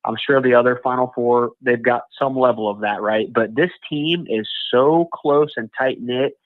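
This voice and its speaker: A man's voice: mid-range voice, moderate pace, no echo. A man calling in to a live show, talking in a casual, emphatic, fired-up way. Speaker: caller. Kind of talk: casual phone-in chat. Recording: tinny, dry phone line.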